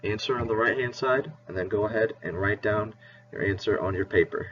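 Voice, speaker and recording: Far from the mic, a man with a lowish voice talks briskly through a math lesson for children. He's playful and encouraging and spells words out, and the recording is dull lo-fi with faint hiss.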